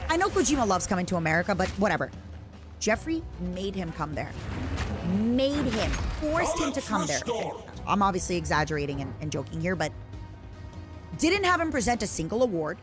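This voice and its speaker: A woman streamer in casual chat, teasing and rambling playfully at a desk mic. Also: mid-range voice.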